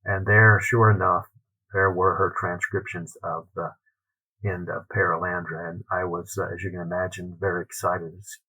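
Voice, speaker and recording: A man tells a research story as a podcast guest, lively and fond of playing out the lines of others. His voice sits a little low but has a bright, forward edge, with a husky grain. He speaks as a literary scholar, relaxed and anecdotal. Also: normal speed, poor audio. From United States. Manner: animated, anecdotal, acts out quotes.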